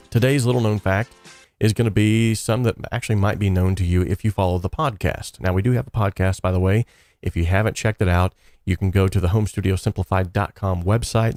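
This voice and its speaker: Deep, gravelly man hosting a livestream. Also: a little mellow, no room sound, clean studio sound. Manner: earnest, encouraging, loosely rambling with fillers. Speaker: livestream host of a song contest. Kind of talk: casual livestream chat.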